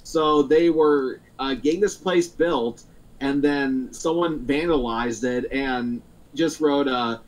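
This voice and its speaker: A man's voice: mid-range voice, slow pace, low-quality recording. A man hosting a casual podcast chat, rambling through stories with lots of fillers and frequent laughs. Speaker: podcast host.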